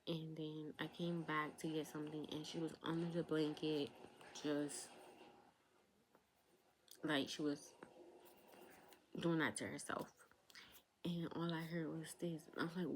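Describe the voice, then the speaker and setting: A woman's voice: low-pitched, little pitch movement, unhurried, long pauses, slight background noise, poor audio. A young woman telling a personal storytime to her viewers, chatty, talking straight to them and slipping into whispered asides. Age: young adult. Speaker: vlogger. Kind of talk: storytime vlog.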